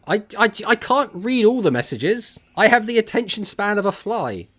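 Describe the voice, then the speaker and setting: A man's voice: high-pitched, very animated, normal speed, soft background music. A man with an English accent, casting a card tournament on a live stream, chatting and joking as he reads out and answers messages from his chat.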